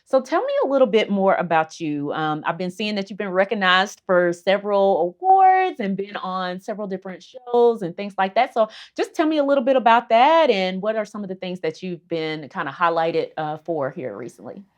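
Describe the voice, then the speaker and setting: A woman's voice: medium pitch, animated, moderate pace, few pauses. Affirming female interview host. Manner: affirming, with many "mm-hmm" and "kind of". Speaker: show host. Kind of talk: interviewing a guest.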